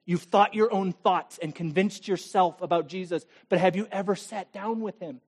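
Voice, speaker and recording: A man's voice: high voice, normal speed, breathy edge. Male pastor delivering a sermon; dramatic, challenging, moves between big emphasis and near-whispered intimacy. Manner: dramatic, swings from loud emphasis to hushed, intimate tones; direct, challenging address to the listener.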